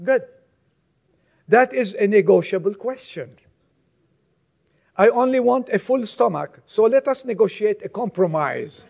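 A preacher telling a story, voicing a calm, sly bear that speaks in a soft, soothing voice. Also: male voice, high-pitched, a little slow, gravelly, pauses often, voice pushed up, heavily acted. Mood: coaxing.

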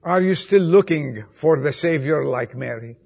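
A man preaching an Easter sermon, with emphatic repetitions, swinging between loud appeals and soft, hushed passages. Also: on the high side, expressive, gravelly, slightly rough. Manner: slow, emphatic delivery with repetitions.

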